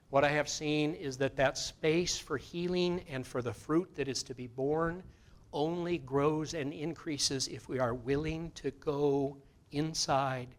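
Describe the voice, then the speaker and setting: A man giving a conversational sermon as guest minister in a church, moving between loud emphatic lines and soft guided meditation. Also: mid-range voice. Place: church sanctuary.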